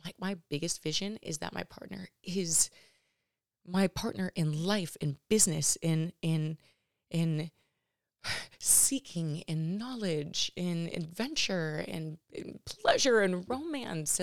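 A woman in her thirties hosting her own podcast, talking personally and emotionally in a halting way with many restarts and fillers. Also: lowish voice, creaky, dry recording, studio quality. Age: 30s. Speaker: podcast host.

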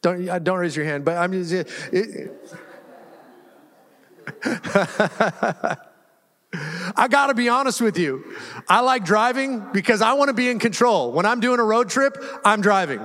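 A man's voice: high voice, animated, a little slow, long pauses, bright, forceful tone. A man preaching a sermon as pastor, conversational and humorous, telling stories to his congregation. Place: church sanctuary. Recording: live church hall reverb.

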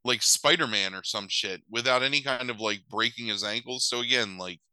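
A man's voice: mid-range voice, moderate pace, bright, forceful tone, clean tone, no room sound, poor audio. A man recapping a movie in a loose, sarcastic chat, swearing casually and using many filler words.

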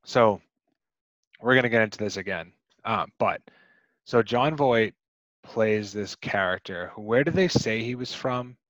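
A man's voice: on the low side, a little slow, fairly bright tone, no echo, lo-fi sound. A man co-hosting a podcast, chatting casually about a movie, rambling with many restarts and fillers. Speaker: podcast co-host.

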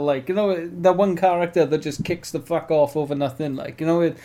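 A man in casual podcast chat, animated and full of restarts and asides. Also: a little high, a little fast, few pauses. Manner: animated, swearing, trailing restarts.

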